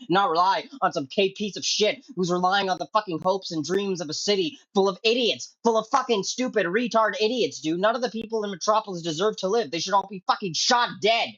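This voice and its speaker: A man delivering a comedic angry rant as an online commentator, profane and explosive, swinging between low mutters and sudden yelling. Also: dull audio.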